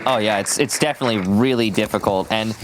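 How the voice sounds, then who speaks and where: A man's voice: on the low side, quick pace. A man doing live esports commentary in a casual, chatty way with plenty of fillers. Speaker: esports caster. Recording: steady background noise.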